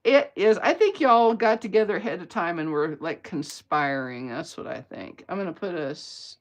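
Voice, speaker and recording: A woman's voice: on the low side, expressive, normal speed, few pauses. A woman, chatting playfully with viewers while demonstrating card-making live. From Atlanta area, US. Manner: chatty and playful, bantering with viewers mid-demo. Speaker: craft demonstrator.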